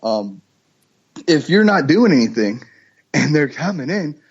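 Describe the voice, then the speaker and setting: A man, a duck call maker, chatting casually on a podcast and telling lively stories with imitated calls. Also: a little high, a little slow, husky, highs cut off. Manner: animated storyteller, imitates duck calls and voices.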